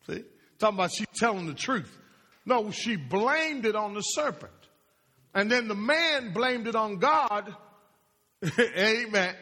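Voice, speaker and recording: A man preaching in a sermon, his voice high and a little husky. He throws questions to the congregation and repeats lines for emphasis, with a long reverb trailing behind him in the hall. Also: expressive, fairly quick, pushed and bright. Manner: call-and-response, questions to the congregation; repeats phrases, rising and falling emphasis.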